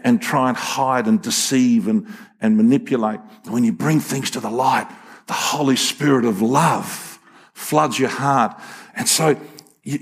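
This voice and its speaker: A man's voice: medium pitch, breathy edge. A man, preaching a sermon in a folksy, emphatic storytelling way with frequent restarts. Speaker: pastor.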